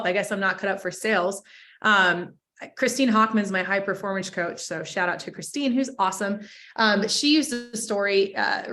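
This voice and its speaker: A woman's voice: mid-range voice, a bit bright. A woman guest on a marketing podcast, talking in a direct, upbeat way. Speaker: guest, agency president. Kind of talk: casual chat.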